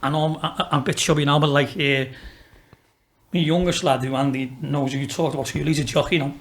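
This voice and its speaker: Man, 50s, Liverpool accent, slightly high-pitched, sweary rambling storyteller, casual chat. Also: steady tone, fast talker, fairly bright tone. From Liverpool, England. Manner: rambling, swearing storyteller who laughs often. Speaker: guest, racehorse owner.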